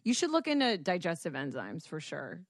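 A woman co-hosting a podcast, reacting quickly and teasing her friends in casual chat. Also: fairly low pitch, huge pitch swings, no room sound, studio quality. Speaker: podcast co-host.

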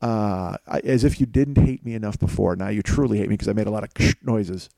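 Profane, mellow-voiced rambling podcast man. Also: fairly low pitch, fairly quick, gravelly, dry recording. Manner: profane, self-mocking, rambling. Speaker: podcast host. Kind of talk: casual rambling monologue. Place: home kitchen.

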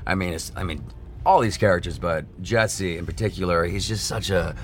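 A low-voiced man in his thirties, chatting as an interview guest. He tells stories animatedly, laughing and restarting his sentences often. A faint hum of noise sits behind him. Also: normal speed. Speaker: actor guest. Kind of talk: casual interview storytelling. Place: back room of a bowling alley.

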